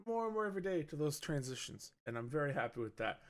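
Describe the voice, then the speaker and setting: A man's voice: on the high side, big pitch swings, quick pace. A man hosting a casual movie podcast, loose and joking with swearing and laughing asides. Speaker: podcast host.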